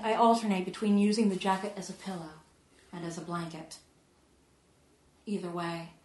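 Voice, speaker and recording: A woman reading her own poetry aloud to an audience, measured and soft, often sinking to a hush. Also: lowish voice, a little hiss or hum. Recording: echoey room.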